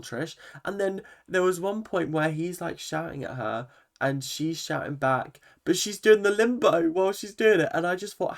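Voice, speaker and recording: A man, a vlogger giving an opinionated, swear-laden recap of a reality TV episode. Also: a little high. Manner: animated, opinionated, swears freely. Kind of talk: ranting reaction commentary.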